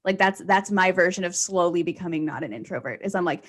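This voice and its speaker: A woman's voice: lowish voice, fast talker, hardly any pauses. A woman stand-up comedian in casual conversation, chatty and rambling, laughing often.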